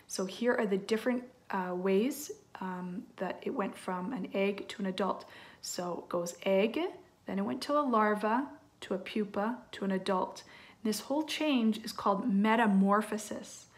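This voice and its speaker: A woman reading a picture book aloud to children, pausing to explain in gentle, hushed asides. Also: medium pitch.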